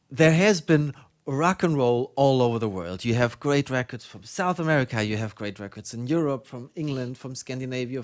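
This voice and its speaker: A German man with a German accent, hosting a record show in casual chat, rambling with many fillers and self-deprecating asides. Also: medium pitch. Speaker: radio show host.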